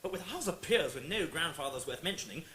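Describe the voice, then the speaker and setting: A snobbish aristocrat. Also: male voice, fairly high pitch, animated, fast talker, pushed and bright, slight background noise. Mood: fretful. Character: snobbish aristocratic male peer. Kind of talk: operetta stage acting.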